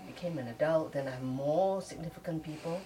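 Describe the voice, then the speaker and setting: Older woman from malaysia, very low voice, thoughtful and measured, far from mic, noticeable room noise. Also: dark tone. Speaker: group discussion participant. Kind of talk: casual reflective sharing.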